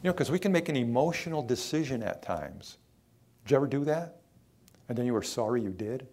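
A man's voice: medium pitch, lively intonation, a little fast, darkish tone. Older male pastor, plain spoken and emphatic, questions his flock directly. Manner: emphatic, rising in volume to stress points; plain conversational preaching with direct questions to listeners. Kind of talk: sermon.

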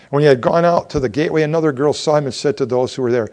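A man's voice: on the high side, very fast, few pauses, darkish tone. A man preaching a sermon, reading scripture aloud, acting out the voices of the figures and asking the listeners questions. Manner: asks the congregation questions. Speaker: pastor.

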